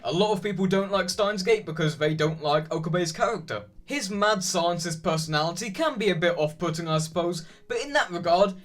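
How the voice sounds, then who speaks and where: A young man narrating a chatty, opinionated video essay. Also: sits high.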